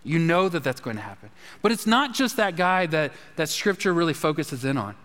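Man, pastor, sermon, conversational, high voice, long church reverb. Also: fairly quick. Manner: conversational and animated, asks the congregation questions.

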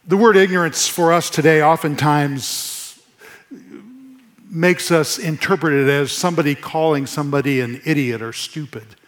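A man preaching a sermon to his congregation in church, earnest, repeating phrases for emphasis and dropping to a soft hush. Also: on the high side. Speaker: pastor.

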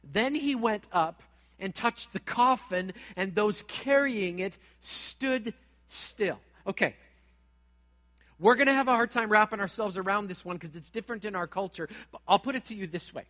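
A pastor preaching a sermon in a church, talking straight at the congregation in a dramatic way. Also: male voice, sits high, normal speed, bright, forceful tone, in a large hall. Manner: dramatic, direct, acts out quoted voices.

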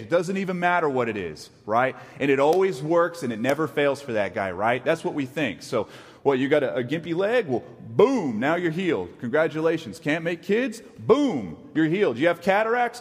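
A middle-aged man preaching a sermon in a conversational, animated way, acting out short quotes as he teaches. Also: on the high side, slightly rough, big-room sound. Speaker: pastor.

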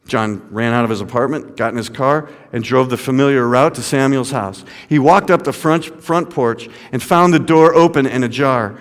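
A man preaching a sermon, retelling a story dramatically, his voice dropping to a hush and then rising high. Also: moderate pace, hardly any pauses. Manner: dramatic, swinging from hushed to raised. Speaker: pastor. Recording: long hall reverb.

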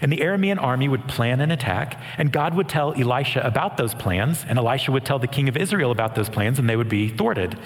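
A man's voice: mid-range voice, expressive, brisk, few pauses. Earnest male preacher in a reverberant hall. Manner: earnest, with light humor. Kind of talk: sermon with scripture reading.

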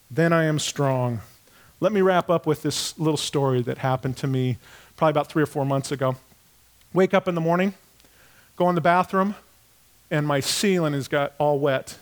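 A middle-aged male pastor giving a sermon, telling a personal story with animated delivery and acting out voices. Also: a little high.

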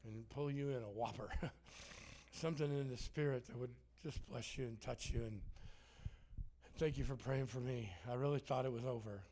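A man's voice: mid-range voice, moderate pace, dark tone. A man preaching a sermon in a church, joking and self-deprecating, with frequent restarts. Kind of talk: sermon with humor. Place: church sanctuary.

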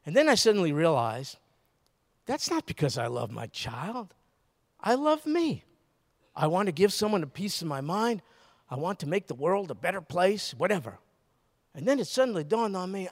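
A man's voice: high-pitched, normal speed. Older man preaching in a reverberant hall. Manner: conversational, animated storytelling with rhetorical questions. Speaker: pastor. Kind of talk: sermon.

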